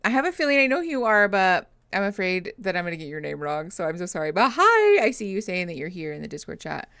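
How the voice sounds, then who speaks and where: A woman's voice: on the low side, expressive, fast, fairly bright tone, clear, resonant tone, no echo, studio quality. A young adult woman, a therapist, chatting casually on a livestream, reading comments and greeting viewers, tired and yawning, laughing often. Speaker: therapist streaming reactions.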